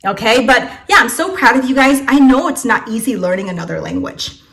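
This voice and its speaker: A woman's voice: on the high side, lively intonation, fairly quick, creaky, fairly bright tone. A young woman from Vietnam teaching an English lesson in a casual, encouraging way, checking in with "okay?" and "right?" after many phrases.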